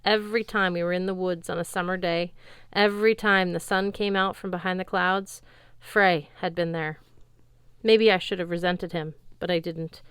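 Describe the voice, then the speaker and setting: A woman giving a steady, wry first-person audiobook narration in a studio. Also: fairly low pitch, normal speed, smooth, no room sound.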